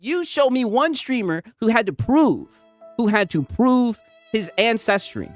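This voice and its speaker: A man's voice: very high-pitched, big pitch swings, a little slow, dry recording. A man streaming casual commentary, rambling and mocking, tagging lines with "right?". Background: music playing.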